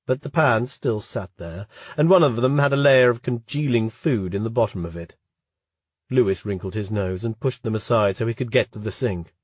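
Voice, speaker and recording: Brief: male audiobook reader, husky, steady, close and dry. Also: on the low side, normal speed, no room sound. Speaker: audiobook narrator. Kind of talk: scripted narration.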